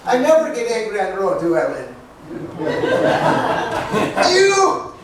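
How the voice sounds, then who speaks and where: A man's voice: extremely high pitch, huge pitch swings, slow pace. A male pastor preaching a sermon in a joking, conversational way, asking the congregation questions and answering back. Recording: echoey hall picked up from a distance, faint noise.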